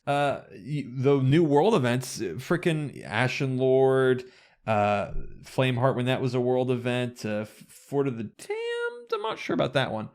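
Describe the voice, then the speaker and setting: Gravelly man rambling on a podcast. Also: mid-range voice, very animated, unhurried. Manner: rambling, restarts sentences, enthusiastic. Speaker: podcast guest. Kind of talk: casual gaming podcast chat.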